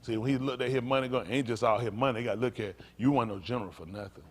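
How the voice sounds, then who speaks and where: A pastor speaks very fast in this folksy sermon, addressing his congregation directly. His preaching is animated: loud, high bursts push his points home before he drops to low, soft delivery.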